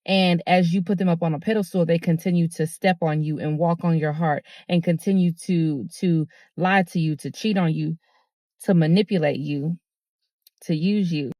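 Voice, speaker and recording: Low-voiced woman giving an earnest talk. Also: steady tone, moderate pace, warm tone, no room sound. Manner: earnest and repetitive, with many fillers. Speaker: host. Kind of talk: motivational talk.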